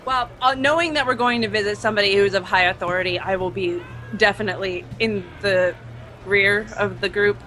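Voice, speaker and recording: Bright, hesitant tabletop player. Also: medium pitch, a little fast. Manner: hesitant, with fillers and laughter. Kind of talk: casual tabletop game chat.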